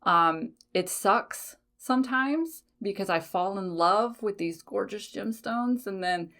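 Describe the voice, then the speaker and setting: In a relaxed solo podcast, the host speaks slowly in a medium pitch with a fairly bright tone. She laughs often, swears a little, and talks with many fillers while correcting herself along the way.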